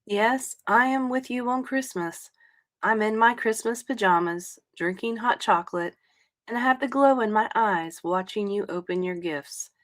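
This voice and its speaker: A woman reading a sentimental passage aloud in a soft, tender, measured way. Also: mid-range voice.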